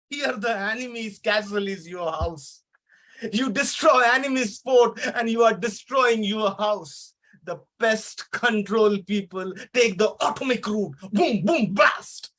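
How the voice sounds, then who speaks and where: A man with an Indian English accent reciting a humorous poem in a dramatic, mock-serious way with sudden loud bursts. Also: high voice. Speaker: poet reciting.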